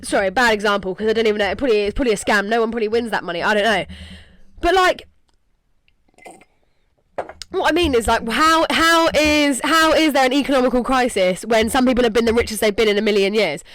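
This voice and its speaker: A young English woman hosts a podcast, speaking candidly and emotionally in a rambling style packed with "like." Her voice sits on the high side, a little bright, and she talks fast with no echo.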